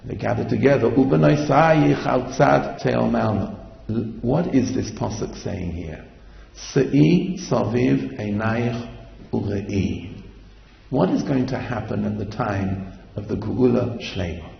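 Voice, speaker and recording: A man's voice: mid-range voice, slow pace, gravelly, roomy sound, long reverb tail, lo-fi sound. A man giving a Torah lecture as a sermon, asking repeated rhetorical questions and chanting verses. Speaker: rabbi giving a Torah class.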